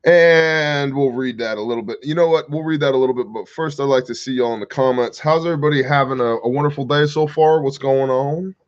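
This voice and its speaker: A man's voice: medium pitch, steady tone, fast, few pauses, darkish tone, lo-fi sound. Wry man hosting a livestream commentary. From Kansas. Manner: wry, sarcastic asides, reads chat comments aloud. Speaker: commentary show host.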